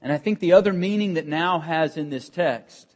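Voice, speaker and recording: A man preaching a sermon as pastor, earnest and emphatic, with pauses and rising emphasis. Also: on the high side, a little mellow.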